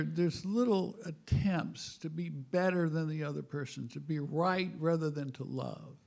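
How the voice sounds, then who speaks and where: Slow, gravelly man; wry spiritual speaker who pokes fun at himself. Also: a little high, darkish tone. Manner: wry, self-mocking, with chuckles; halting, repeats words. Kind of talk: humorous spiritual talk.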